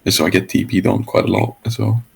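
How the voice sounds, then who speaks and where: A man asks his coach questions in halting casual talk with many fillers. His voice is very low and heavily gravelly with fry. It also has a husky edge. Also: fairly even intonation, poor audio. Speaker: player being coached.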